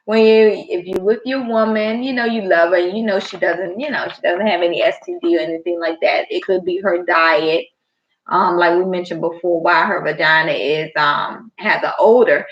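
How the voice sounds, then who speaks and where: A woman co-hosting a casual podcast chat, telling stories loudly with lots of laughter. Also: on the low side, moderate pace, reverberant. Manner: loud, laughing, animated storytelling. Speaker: podcast co-host. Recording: dull lo-fi sound.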